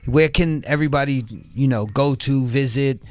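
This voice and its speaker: A man hosting a radio interview in a studio, hyped and slangy with quick reactions. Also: medium pitch, darkish tone, no room sound. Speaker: radio host.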